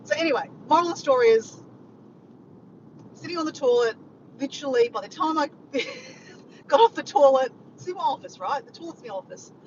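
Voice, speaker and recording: A woman with an Australian accent chatting excitedly to her viewers in a casual vlog, calling them guys. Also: high-pitched, fast talker. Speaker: vlogger. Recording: dull lo-fi audio with clear background noise.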